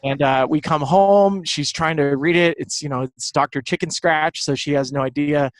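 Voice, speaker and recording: A man speaking as a guest in a casual interview, an animated storyteller who repeats words. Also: a little high, moderate pace. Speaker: guest, baseball broadcaster.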